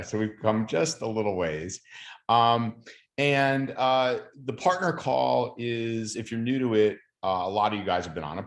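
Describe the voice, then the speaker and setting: A low-voiced man with a Long Island New York accent hosts a partner call over video. He talks in a friendly, chatty way, often stopping on ums and uhs. The sound has an echoey, roomy ring. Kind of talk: casual video call chat.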